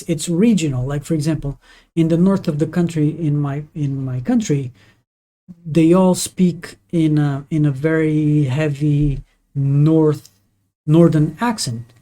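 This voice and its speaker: A native Portuguese speaker streaming live, chatting casually while gaming in a halting, opinionated way with many restarts. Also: mid-range voice, dark tone.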